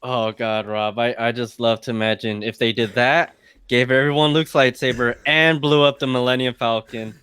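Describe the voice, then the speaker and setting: A man with a smooth, clear voice co-hosts a live-stream chat. He reads viewer comments aloud and teases in a dry, deadpan way. The sound is close and dry. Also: mid-range voice, normal speed, no room sound. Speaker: co-host.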